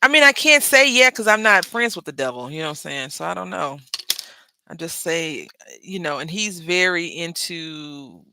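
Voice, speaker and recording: A woman's voice: on the low side, expressive, moderate pace, sharp tone, clean tone. A woman hosting a crafting tutorial, chatting casually and rambling into asides to her viewers as she works. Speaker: crafting channel host.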